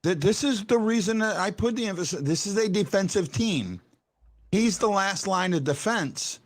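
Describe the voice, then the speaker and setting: Here a man with a high-sitting voice and lively intonation talks at normal speed. He's running a casual postgame sports show, often stumbling into restarted sentences and stressing his arguments forcefully.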